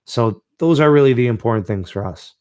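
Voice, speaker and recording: A man's voice: medium pitch, animated, a little fast, darkish tone, clear, resonant tone, dry recording, studio quality. A man hosting a live-stream podcast in a laid-back way, reading out and answering the live chat with plenty of fillers. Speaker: podcast host.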